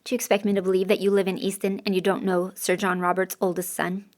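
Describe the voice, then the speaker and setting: A woman's voice: mid-range voice, flat delivery, quick pace, darkish tone, lightly acted. A woman doing a condescending Western soldier. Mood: officious. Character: smirking male soldier sergeant from the West.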